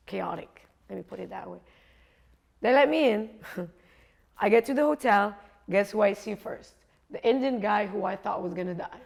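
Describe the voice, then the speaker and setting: A middle-aged woman from Africa, a coach and speaker, telling a lively travel story and acting out the voices of people she met. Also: mid-range voice, gravelly. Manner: animated storyteller, acts out quoted voices, laughs often. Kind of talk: storytelling talk.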